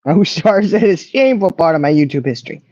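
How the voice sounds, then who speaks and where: Playful woman with a lively voice. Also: on the low side, fast talker, dry recording, highs cut off. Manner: playful teasing, laughing often. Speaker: livestream host. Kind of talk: casual chat reading viewer comments.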